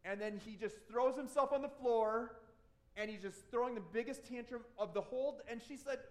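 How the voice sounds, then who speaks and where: A male pastor preaching in a high, bright-toned voice. He speaks earnestly and conversationally, often restarting phrases as he goes. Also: moderate pace. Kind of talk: sermon.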